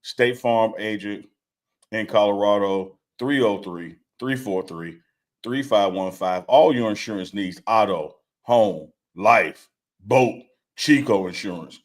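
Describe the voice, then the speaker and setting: A man co-hosting a casual sports talk show, playful and teasing, with a loose relaxed delivery. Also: fairly low pitch, slow. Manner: teasing, playful, reads a sponsor plug in a loose drawl. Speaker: co-host.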